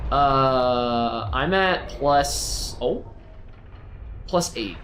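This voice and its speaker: A man's voice: fairly high pitch, lively intonation, takes it slowly, a bit bright, slight background noise. A man live-streaming a video game, chatting with viewers and teasing them and the game in a playful way.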